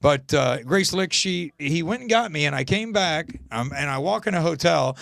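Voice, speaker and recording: Gravelly man telling stories animatedly. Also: moderate pace, few pauses, no room sound, clean studio sound. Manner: animated, jumps high when quoting people. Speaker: host. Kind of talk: casual storytelling chat.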